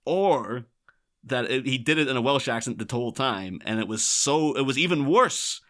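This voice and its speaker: A man's voice: mid-range voice, lively intonation, normal speed, a bit bright. A man co-hosting a podcast in casual chat, rambling through asides and laughing often. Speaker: podcast co-host.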